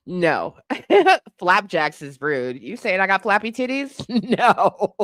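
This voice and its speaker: Giggly woman streamer, lively voice. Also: medium pitch, takes it slowly, no room sound, studio quality. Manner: laughs often, reacts playfully to chat guesses; swears casually, teasing. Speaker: livestream host reading chat. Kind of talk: casual livestream chat.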